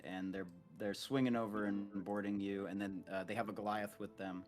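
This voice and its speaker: A man's voice: on the low side, flat delivery, moderate pace, few pauses, soft background music. A man narrating a tabletop game as game master, rambling casually with lots of fillers.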